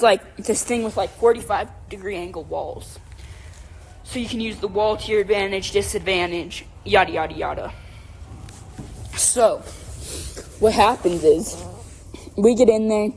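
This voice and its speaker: A young woman co-hosting a podcast, telling a long story in a casual, animated, rambling way with lots of fillers and "right?" checks. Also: mid-range voice, a little hiss or hum. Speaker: podcast co-host.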